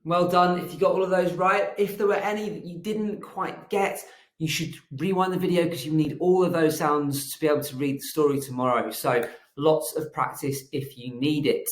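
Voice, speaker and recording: A man teaching a phonics lesson to young children, telling a gentle, animated story. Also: fairly high pitch, normal speed. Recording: echoey room.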